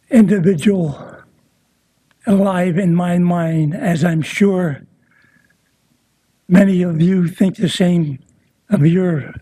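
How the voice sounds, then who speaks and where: Older man giving slow, halting thanks. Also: high-pitched, warm tone, breathy edge. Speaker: hall of fame inductee. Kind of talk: acceptance speech.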